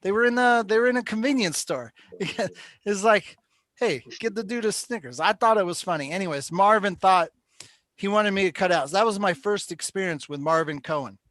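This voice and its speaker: A man with a notably high voice hosts a live call-in show. He talks casually and rambles through long stories. His voice is recorded dry and close, with no room sound. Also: brisk, a bit bright, dry recording. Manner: chatty, rambling storyteller. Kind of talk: casual chat.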